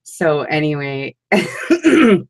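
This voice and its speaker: A woman in her forties chatting casually with her crafting group at home, talking fast and laughing often. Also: low voice, dry recording. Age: 40s. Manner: chatty and animated, breaks into frequent laughter. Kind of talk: casual chat.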